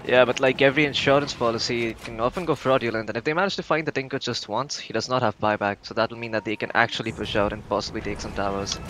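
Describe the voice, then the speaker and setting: A man's voice: mid-range voice, fairly even intonation, quick pace, hardly any pauses, fairly bright tone, a little hiss or hum. A man doing color commentary on a live esports match, dry and sarcastic. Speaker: esports caster.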